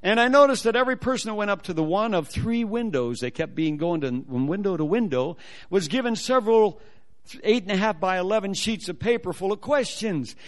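A man telling a personal testimony as a sermon, animated and acting out the voices of the people in his story. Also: sits high, brisk.

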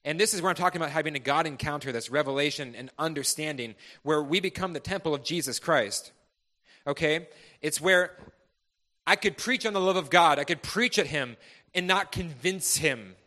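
A man preaching a personal testimony to a congregation, earnest and impassioned, swinging between loud, fervent stretches and hushed ones. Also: on the high side, normal speed.

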